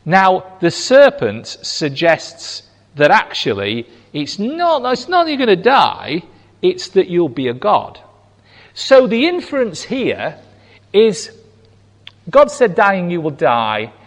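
A man delivers a sermon at an unhurried, deliberate pace. His voice sits fairly high for a man and swings widely in pitch as he acts out quoted lines. A long hall reverb trails each phrase. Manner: slow and emphatic, voicing quotes with animated pitch swings. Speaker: preacher.

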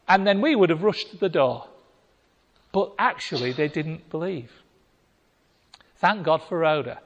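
Animated preacher man in a reverberant hall. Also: high-pitched, unhurried. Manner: animated storytelling, acting out voices. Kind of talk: sermon.

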